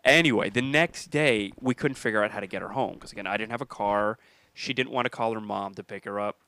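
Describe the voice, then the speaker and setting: Bright-voiced man telling a story. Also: fairly low pitch, brisk, smooth. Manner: laid-back, laughing storyteller. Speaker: comedian, podcast host. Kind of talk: casual chat, storytelling.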